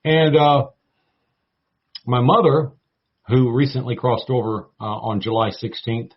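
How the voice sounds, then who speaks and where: A man in his forties with a Southern US drawl talks as a guest, folksy and playful, sprinkling in baby and y'all. His voice is husky. The audio is muffled and lo-fi. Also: mid-range voice, steady tone, measured pace. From North Florida, United States. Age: 40s. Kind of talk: casual talk show conversation.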